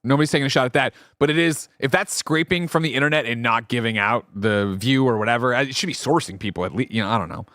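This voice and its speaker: A man hosting a gaming podcast, ranting in a casual, profane, animated way. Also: medium pitch, quick pace, hardly any pauses, no echo. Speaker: podcast host.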